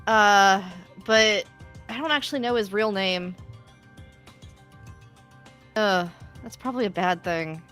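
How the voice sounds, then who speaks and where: Slow-talking hesitant woman. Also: mid-range voice, fairly bright tone, faint music behind. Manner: unhurried, hesitant, lots of ums. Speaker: tabletop game player. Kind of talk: casual tabletop game chat.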